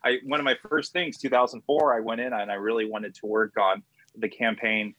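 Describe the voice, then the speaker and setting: A man's voice: lowish voice, flat delivery, fairly quick, a bit bright, no room sound, low-quality recording. A man in an improvised comedy interview, telling rambling, self-deprecating stories and putting on silly voices.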